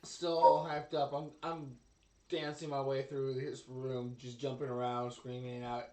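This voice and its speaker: A man playing a tabletop game, rambling excitedly and stammering as he describes his character. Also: mid-range voice, unhurried. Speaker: player. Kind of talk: casual tabletop game play. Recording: echoey room, distant mic.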